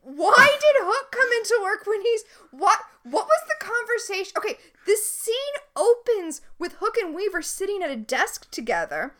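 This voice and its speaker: High-voiced florida woman, bouncy and giggly, recapping a show. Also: normal speed, few pauses. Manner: animated, amused, laughs often. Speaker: podcast co-host. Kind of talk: casual TV recap chat.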